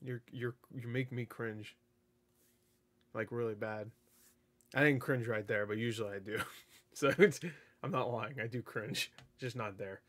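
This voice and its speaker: A man's voice: medium pitch, steady tone, unhurried, long pauses, fairly bright tone. A man hosting a meme reaction video, laughing and swearing as he rambles loosely through clips. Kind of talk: casual reaction commentary.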